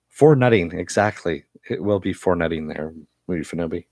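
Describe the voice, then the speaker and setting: A man's voice: low-pitched, normal speed, a little mellow, dry recording, studio quality. A man with a cough giving a casual, rambling recap of a TV episode, full of fillers. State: has a cough. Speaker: TV episode reviewer.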